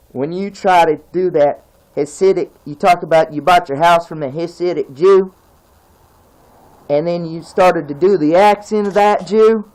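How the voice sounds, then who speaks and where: A man from California rants casually to his camera, rambling and accusing and circling back to the same points. His voice sits fairly high for a man. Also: poor audio. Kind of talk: casual video rant.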